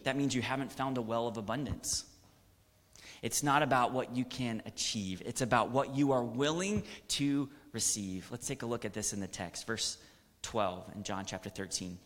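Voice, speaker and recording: A man's voice: medium pitch, a bit bright. A man in his thirties preaching a sermon as pastor, building to emphatic bursts. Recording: long hall reverb.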